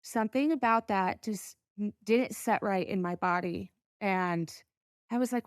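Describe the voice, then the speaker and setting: A middle-aged woman, a podcast guest, telling a personal story in an earnest, halting way with pauses to gather herself. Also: mid-range voice, no room sound, studio quality.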